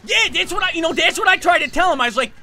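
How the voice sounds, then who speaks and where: A man's voice: extremely high pitch, lively intonation, racing, pushed and bright, full character voice. A man putting on the voice of Scout, a cocky young shooter-game runner, bragging and rambling in game voice chat. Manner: boastful, rambling, goofy. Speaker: streamer.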